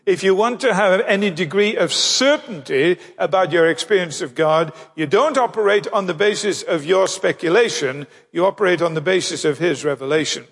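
High-voiced preacher man in a reverberant hall. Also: creaky, a bit bright. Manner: measured, slows down to stress key phrases. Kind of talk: sermon.

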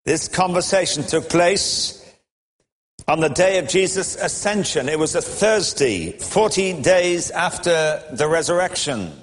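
A man's voice: on the high side, animated, unhurried, in a large hall, slight background noise. A male preacher delivering a sermon in a storytelling manner, with wry chuckles.

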